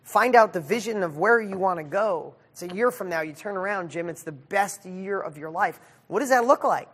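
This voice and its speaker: A man runs a live motivational Q&A from his studio, energetic and emphatic. He keeps it casual and sometimes swears as he pushes his listeners. He speaks with real drive and answers questions as they come in. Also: sits high, moderate pace. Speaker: success coach hosting a monthly live session.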